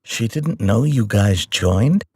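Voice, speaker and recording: A man voicing a gentle, concerned mother who speaks softly and soothingly in an audiobook. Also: lowish voice, animated, takes it slowly, no echo, studio quality.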